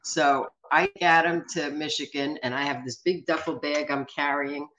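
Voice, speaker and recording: A woman's voice: low voice, moderate pace, poor audio. A woman in her seventies, a guest telling stories in a brash, joking way. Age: 70s. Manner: brash, joking, animated storyteller. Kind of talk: casual storytelling.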